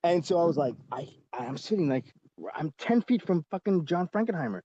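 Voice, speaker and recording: A man in his forties, a guest actor on a podcast, telling a casual and lively story with lots of fillers and the odd swear word. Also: on the high side, brisk, slightly rough, no room sound, highs cut off.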